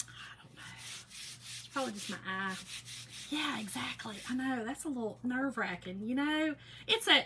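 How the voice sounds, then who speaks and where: A woman's voice: on the high side, noisy background. A middle-aged woman, hosting a casual crafting livestream and chatting folksily to her viewers as she works.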